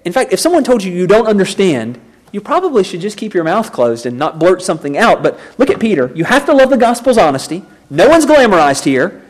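Animated preacher with a lively, swinging pitch. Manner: emphatic, rhetorical questions to the congregation. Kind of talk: expository sermon.

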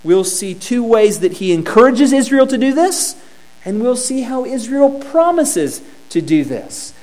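A man's voice: very high-pitched, big pitch swings, a little slow, a little mellow. A man preaching a sermon in a conversational teaching tone with a touch of humor, often repeating words as he restarts a phrase.

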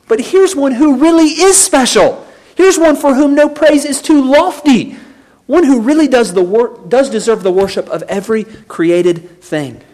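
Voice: medium pitch, a little mellow. A preacher delivering an expository sermon, emphatic and turning to the congregation with rhetorical questions.

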